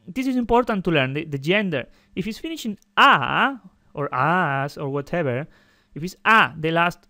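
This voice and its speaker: A man teaching a Spanish grammar lesson in halting, non-native English, patiently repeating his examples and correcting himself as he goes. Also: high-pitched, a bit bright, no room sound, studio quality.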